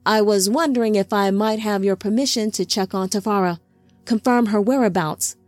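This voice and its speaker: A woman's voice: mid-range voice, moderate pace, dry recording, faint music behind, close to an everyday voice. A woman voicing an eager, impatient young male angelic lieutenant who defers to his captain.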